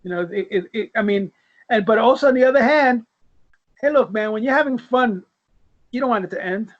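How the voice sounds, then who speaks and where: A man's voice: extremely high pitch, fairly quick. A man who is a guest on a casual comic book discussion, who laughs often and repeats words as he thinks. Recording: dull lo-fi audio.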